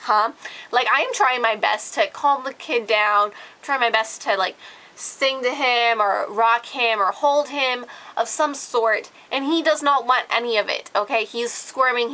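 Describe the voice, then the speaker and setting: Brief: late-teen woman vlogger, annoyed casual rant, sarcastic edge, bright tone. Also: fairly high pitch, rough recording. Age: late teens. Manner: irritated, sarcastic, heavy filler "like".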